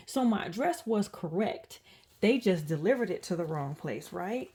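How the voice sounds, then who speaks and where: A woman's voice: mid-range voice, lively intonation, normal speed, darkish tone. A woman telling a rambling story in a casual home vlog, full of fillers and restarts while she changes a doll. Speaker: reborn doll artist.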